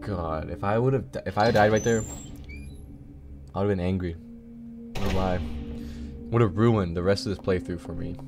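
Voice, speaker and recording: A man's voice: low-pitched, normal speed, pauses often, over music. A man giving casual, muttered gameplay commentary, often swearing in frustration at the game. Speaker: gaming channel host. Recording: keyboard and mouse clicks behind.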